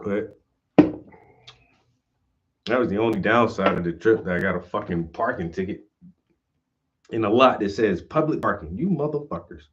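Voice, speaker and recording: A man's voice: fairly low pitch, moderate pace, long pauses, a bit bright, a little hiss or hum. A man who hosts his own channel as a painter, telling a story in casual, slangy, profane vlog style. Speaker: painter and host. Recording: slightly muffled lo-fi audio.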